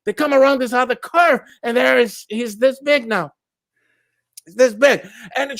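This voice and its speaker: A man from Brazil with a Brazilian accent, telling a story as a guest in a lively, laughing way on a video call. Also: very high voice, a little slow, no echo. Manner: lively, laughs often, repeats words. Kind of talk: animated storytelling in a chat.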